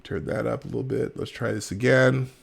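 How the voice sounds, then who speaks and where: Here the middle-aged host, from Minnesota, United States, has a mid-range voice that's creaky and husky, moving a little fast. He gives animated, emphatic commentary on his live show and laughs along the way.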